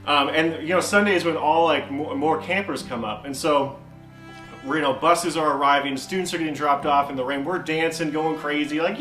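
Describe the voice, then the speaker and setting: A man's voice: a little high, moderate pace, echoey room, soft background music. A young man giving a casual youth sermon, telling a story with lots of energy and acting out the voices of the people in it. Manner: animated, acts out quoted voices, frequent "man" and "like". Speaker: youth pastor.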